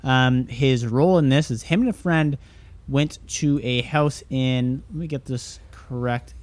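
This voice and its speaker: A man co-hosting a podcast, reading out news stories in a relaxed, halting way. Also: medium pitch, no room sound. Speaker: podcast co-host. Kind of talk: casual chat, reading headlines.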